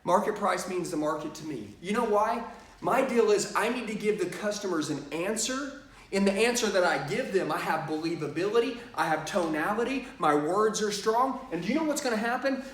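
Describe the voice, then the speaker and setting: A man giving an energetic sales training talk, coaching with emphatic rhetorical questions. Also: sits high, fairly quick, roomy sound, distant mic.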